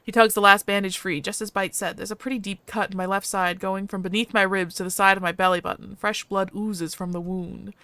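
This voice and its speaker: A woman streamer reading a visual novel aloud with lively, expressive narration. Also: mid-range voice, a little fast, few pauses, dry recording.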